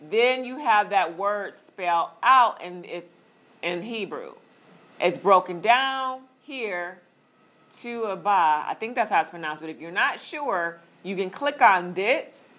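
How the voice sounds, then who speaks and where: A woman teaching a Bible study class, walking listeners through on-screen steps in a relaxed, conversational way with filler words. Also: medium pitch, takes it slowly.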